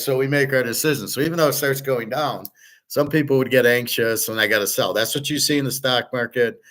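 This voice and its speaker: A man's voice: mid-range voice, fairly bright tone, poor audio. Rambling man in a casual monologue. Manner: rambling, tells stories with quoted dialogue. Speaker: host.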